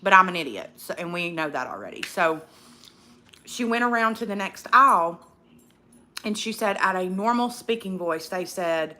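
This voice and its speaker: Outspoken woman ranting with a bright voice. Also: lowish voice, expressive, moderate pace. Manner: outspoken, profane, fired-up ranting; reads viewer comments aloud. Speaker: livestream host. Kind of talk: casual livestream chat while eating.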